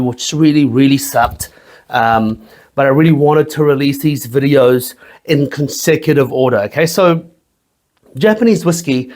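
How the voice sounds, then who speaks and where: A man's voice: fairly high pitch, darkish tone. Profane joking man hosting a whisky review. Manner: profane, joking, rambling, says "okay?" often. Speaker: whisky reviewer, channel host. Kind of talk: casual crude review chat.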